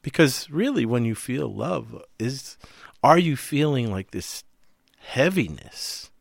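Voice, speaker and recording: A man's voice: mid-range voice, big pitch swings, slow, vocal fry, no room sound. Reflective male podcast host, dry sound. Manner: reflective, thinks aloud with many "you know" asides. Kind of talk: conversational podcast talk.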